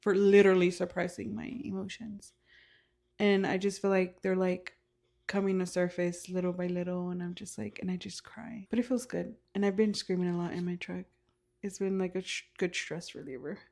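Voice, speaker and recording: Young woman, gravelly fry, soft candid chat, podcast co-host. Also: fairly low pitch, fairly even intonation, moderate pace. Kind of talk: casual chat.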